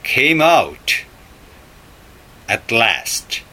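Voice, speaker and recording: A man reading a children's story aloud for language learners in slow, deliberate, clearly spaced phrases. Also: medium pitch, big pitch swings, pushed and bright. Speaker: English story reader for learners.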